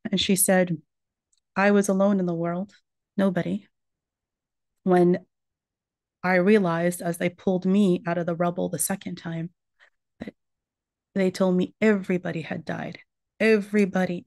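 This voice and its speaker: A woman's voice: on the low side, creaky, darkish tone, dry recording. A woman giving a religious lecture, earnestly retelling a survivor's story in her own words.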